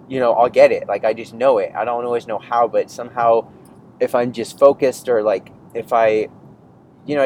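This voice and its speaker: A male podcast host telling a personal story in a loose, rambling way. He gets animated, restarts his sentences and corrects himself as he goes. Faint noise sits behind his voice. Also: mid-range voice, poor audio. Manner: rambling, animated, self-interrupting. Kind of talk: casual storytelling monologue.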